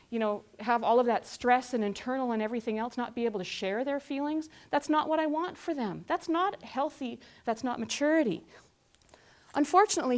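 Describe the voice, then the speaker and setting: A woman in her forties giving a lively, conversational talk, asking the audience questions and acting out scenes. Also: on the high side. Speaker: conference speaker.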